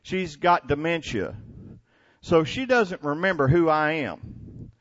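A man's voice: fairly high pitch, lively intonation, takes it slowly, fairly bright tone, muffled recording. A man, preaching a sermon to his congregation in a folksy, storytelling way, often laughing and restarting his words. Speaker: pastor. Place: church before a congregation.

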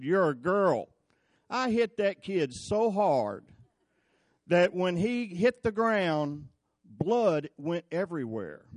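A man's voice: a little high, no room sound, studio quality. A man preaching a folksy, conversational sermon, telling stories and asking the congregation questions.

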